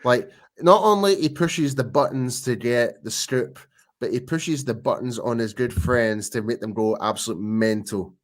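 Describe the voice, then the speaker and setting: A very tired man co-hosting a casual fan podcast, teasing his friends in animated banter. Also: mid-range voice, moderate pace. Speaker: podcast co-host.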